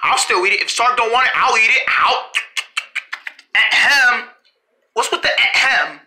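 A very bright voice that swoops high and low as it acts out every part of an improvised toy play. It snaps between bossy orders and whiny protests. It giggles through many of its lines. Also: expressive, a little fast. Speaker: storyteller voicing every character.

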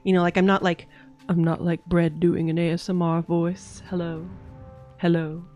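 A young woman streaming a game, chatting casually and excitably and swearing freely. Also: lowish voice, moderate pace, soft background music. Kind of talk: casual live-stream chat.

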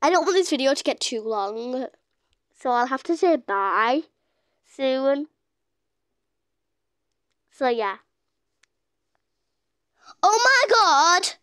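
An excitable woman chats through her gameplay in a high voice that swoops up and down. She gushes over each surprise, and her words come out slowly. The sound is close and dry. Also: smooth, no echo. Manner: excitable, gushing exclamations. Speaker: gaming YouTuber. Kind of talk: casual gameplay commentary.

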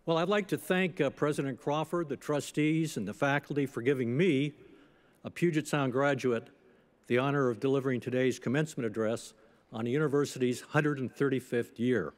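An older man in his eighties delivering a commencement address, telling stories at a measured pace with gentle humor. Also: mid-range voice. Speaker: commencement speaker. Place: outdoor ceremony stage.

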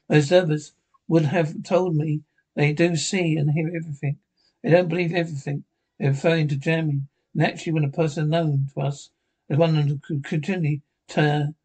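A man's voice: on the high side, creaky, a little mellow, breathy edge. A man reading out a TV episode script, voicing all the parts himself, often stumbling and restarting words.

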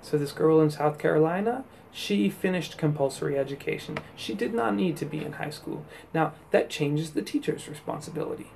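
A man's voice: a little high, brisk, gravelly, few pauses, a little mellow, slight background noise. A man and teacher giving an explanatory talk, reasoning step by step through classroom examples. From United States.

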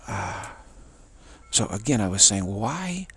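Creaky, husky man with a fading voice. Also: on the low side, very animated. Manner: halting, searching delivery with frequent restarts. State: voice fading to a whisper. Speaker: spiritual teacher. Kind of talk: spiritual teaching monologue.

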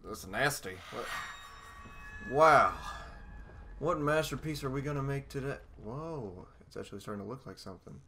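A man's voice: medium pitch, animated, fairly quick, hardly any pauses, fairly bright tone, slight background noise. A man giving sarcastic commentary while playing a horror game, talking to the objects around him. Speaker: let's play gamer.

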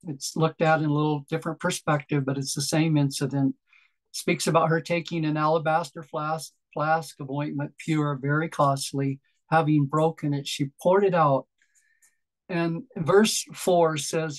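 A man preaching a sermon in a gentle, reflective way, pausing often and restarting his phrases. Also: fairly high pitch, poor audio.

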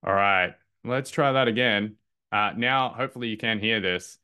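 A man runs a live online masterclass in a fairly low voice. He talks loosely and upbeat, stumbling through restarts and ums as he goes. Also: normal speed, bright, forceful tone, smooth. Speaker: masterclass presenter. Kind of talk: live webinar presentation.

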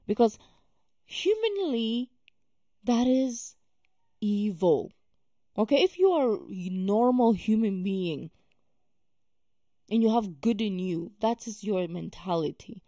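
A woman's voice: medium pitch, expressive, slow, long pauses, dark tone, no echo, clean studio sound. A woman hosting a reaction video, talking casually and emphatically with many fillers and exasperated remarks.

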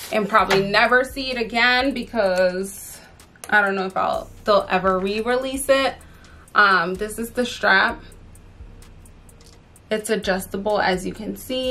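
A young woman talks through an unboxing in an unhurried, drawn-out way, with an exasperated, chatty manner full of "like" and "um". A faint hiss sits under her voice, with occasional clicks of handling. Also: mid-range voice, bright, forceful tone. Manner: chatty, exasperated, filler-heavy. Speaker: fashion vlogger. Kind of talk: casual unboxing chat.

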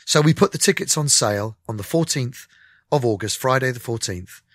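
A man's voice: mid-range voice, a little fast, no room sound, studio quality. A middle-aged man, a musician, telling candid stories in a radio interview and acting out the conversations. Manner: animated, candid storyteller who acts out conversations. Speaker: musician guest.

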